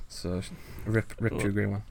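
A man's voice: lowish voice, little pitch movement, normal speed, creaky, a little mellow. Young man rambling with lots of fillers. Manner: rambling with frequent fillers and laughs. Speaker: podcast co-host. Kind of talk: casual chat reading a fan comic aloud.

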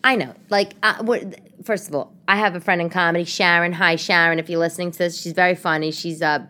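A woman's voice: fairly low pitch, fairly even intonation, brisk, bright, forceful tone. A middle-aged woman from New York hosting a casual solo podcast, rambling through comic stories and asides. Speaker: podcast host.

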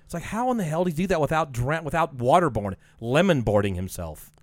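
A man's voice: a little high, lively intonation, fast, dry recording. A man co-hosting a podcast in casual chat, joking and riffing on bits. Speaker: podcast co-host. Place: podcast studio.

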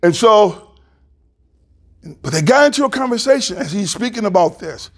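High-voiced man preaching a sermon. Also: lively intonation, normal speed. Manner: preaching, climbing louder and higher when stressing points. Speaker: pastor.

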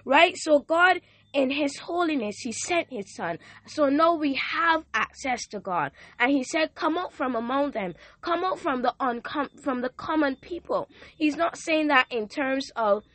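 Woman, devotional host, informal preaching, fervent, slightly high pitch, losing her voice, dry recording. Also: lively intonation, measured pace, no echo. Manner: fervent, builds to loud exclamations, reads scripture aloud. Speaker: podcast host giving a devotional.

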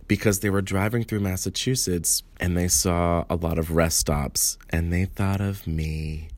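Podcast host guy, really low raspy allergy voice, rambly and jokey about himself. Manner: rambling, self-mocking, quick asides. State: hoarse from allergies, coughing. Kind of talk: casual podcast announcements.

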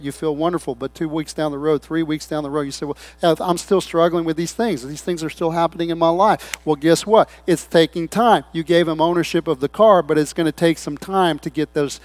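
A pastor preaching a sermon, swinging between loud appeals and hushed, quiet asides, acting out short quoted voices. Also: male voice, a little high, dry recording. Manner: acts out people's voices in short quoted bits.

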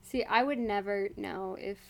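A woman co-hosting a relaxed book chat talks unhurriedly in a creaky mid-range voice over soft background music. She reasons things through thoughtfully, laughs easily and reads passages aloud.

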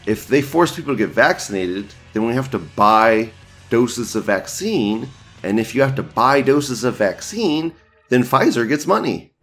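A man's voice: mid-range voice, big pitch swings, measured pace, fairly bright tone, soft background music. A young man hosting a show, reading forum posts aloud and mocking them in crude, casual talk, often breaking into laughter. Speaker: host reading image-board posts. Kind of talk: casual profane commentary.

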